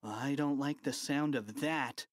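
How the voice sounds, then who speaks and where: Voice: mid-range voice, slow, dry recording, studio quality. A narrator voicing a nervous schoolboy worried about getting caught. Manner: worried, hesitant.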